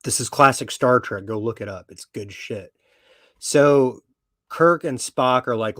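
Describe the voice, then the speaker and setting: A man's voice: mid-range voice, measured pace, a bit bright, no echo, clean studio sound. A man talking in a blunt, swaggering, foul-mouthed monologue as a podcast host. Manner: blunt, swaggering, heavy swearing. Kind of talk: profane opinionated monologue.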